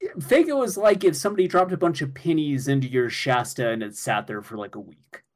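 A man chatting casually on a comedy podcast. He rambles, leans on filler words and stays goofy throughout. His voice has an ordinary middle pitch. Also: lively intonation, brisk. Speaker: podcast co-host.

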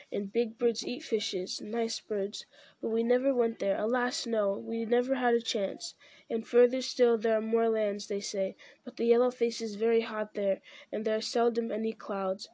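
A woman's voice: fairly high pitch, dark tone, no echo, natural voice. Gollum, a fawning wretched creature, as a woman reads him. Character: wretched groveling male creature, fawning and fearful. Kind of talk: audiobook character reading.

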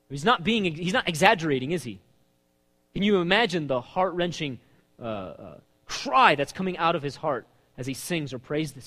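Male preacher, high and very lively delivery, booming in a hall with long reverb. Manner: impassioned, reads scripture aloud with rising pitch and slowed emphasis. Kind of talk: sermon.

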